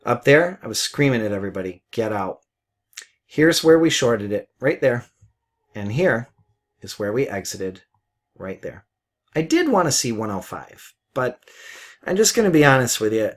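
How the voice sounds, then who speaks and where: A man's voice: mid-range voice, very animated, moderate pace. A middle-aged man teaching forex trading over live market commentary, talking bluntly and repeating himself, with some swearing and laughter. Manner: chatty, laughs at his own jokes.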